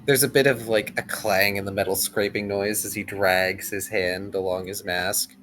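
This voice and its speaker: A man voicing his character in a tabletop game, speaking gently and coaxingly to another player's character. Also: lowish voice, fairly even intonation, normal speed. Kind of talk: in-character tabletop role-play.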